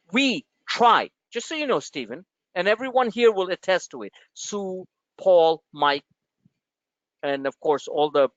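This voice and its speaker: Hosting a live market webinar, a man with a high-pitched voice jokes brashly and animatedly, addressing his audience as "my friend." There's no room sound, and the stream has a dry, dull lo-fi quality.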